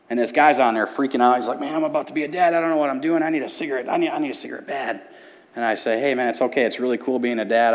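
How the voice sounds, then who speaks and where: A man in his thirties giving an earnest personal testimony in church, telling his story with quoted voices. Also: medium pitch. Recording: hall reverb.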